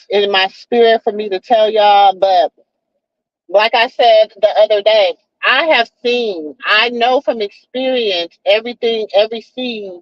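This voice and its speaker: A woman's voice: mid-range voice, dry recording. A woman hosting a live stream, chatting in a folksy, preachy way and calling her viewers baby and child. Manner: folksy, calls viewers baby and child, repeats "you know what I'm saying". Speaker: livestream host. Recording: dull, lo-fi live stream audio.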